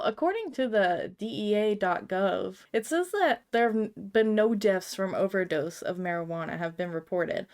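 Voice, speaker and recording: Woman, smooth clear voice, casual meme commentary, rambling, giggly, lots of fillers. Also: medium pitch, darkish tone. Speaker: video creator.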